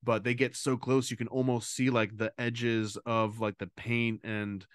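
A man's voice: medium pitch, level tone, measured pace, clear, resonant tone, no echo, studio quality. A man co-hosting a podcast in casual chat, enthusiastic and talkative with many fillers. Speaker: podcast co-host.

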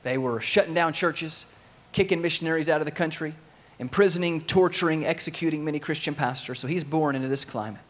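A man preaching a sermon to his congregation, telling a story with lively energy and sometimes acting out the voices of its characters. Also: on the high side, fairly quick, few pauses. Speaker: pastor.

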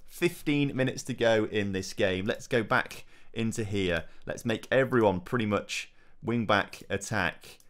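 Excitable young man commentating gameplay. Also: fairly low pitch, a little slow. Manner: excitable, self-mocking, swings between groans and cheers. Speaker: gaming YouTuber.

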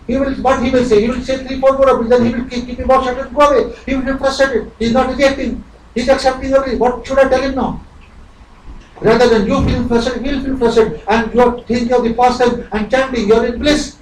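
A man's voice: very high-pitched, fairly even intonation, fast talker, slight background noise. A man giving a devotional sermon, earnest and rhetorical, acting out imagined dialogues. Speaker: spiritual teacher. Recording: roomy live recording from far off, faint ambience.

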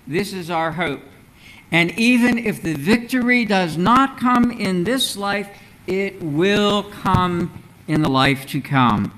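A man preaching a sermon as pastor in a church, in a measured, earnest way with rhetorical questions. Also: fairly high pitch, a bit bright, rough recording. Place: church sanctuary.

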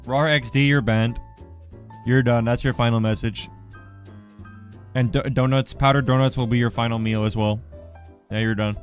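A man streaming a game live, talking in casual banter, mostly drowsy and mumbling but breaking into loud excited outbursts, teasing his co-host. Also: mid-range voice, normal speed, pauses often, soft background music. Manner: playful teasing.

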